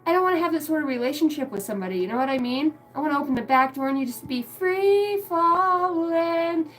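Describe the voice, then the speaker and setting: Animated and fairly quick, a woman with a high voice hosts a live stream, rambling crudely, cursing a lot and laughing along the way. Her audio is poor.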